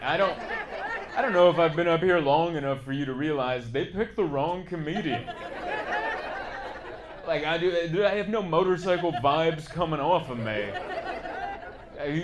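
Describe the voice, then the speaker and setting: A man doing a stand-up comedy set on stage, chatty and self-mocking, breaking into loud put-on bits. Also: a little high. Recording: live club audience noise.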